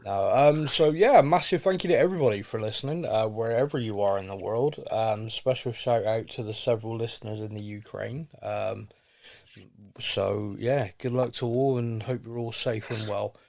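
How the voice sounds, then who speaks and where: A man hosting a podcast in a relaxed, jokey way, rambling and talking straight to his listeners. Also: fairly low pitch, normal speed, vocal fry. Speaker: podcast host. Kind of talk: casual podcast chat.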